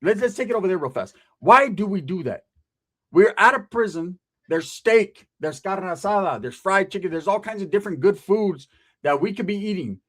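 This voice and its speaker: A man with a notably high-pitched voice tells a story in rough street slang. He is animated and swears constantly, and he chuckles at his own jokes as he goes. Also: moderate pace. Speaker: storyteller, ex-convict. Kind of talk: casual profane storytelling.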